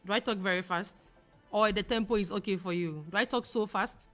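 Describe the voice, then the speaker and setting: A young Ghanaian woman hosts a forex trading livestream, talking fast as she reads viewer comments aloud and answers them in casual chat. Her voice is medium-pitched with a fairly bright tone, and faint music plays behind her.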